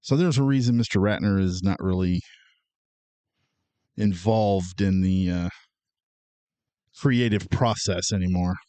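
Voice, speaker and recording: A man co-hosting a film podcast, going through his notes in a measured, matter-of-fact way. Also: sits low, mellow, dry recording. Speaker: podcast co-host. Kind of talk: casual chat.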